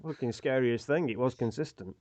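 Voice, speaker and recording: A man's voice: mid-range voice, fairly quick, a little mellow, dry recording. A man chatting casually on a podcast with dry, sardonic remarks. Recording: dull lo-fi audio.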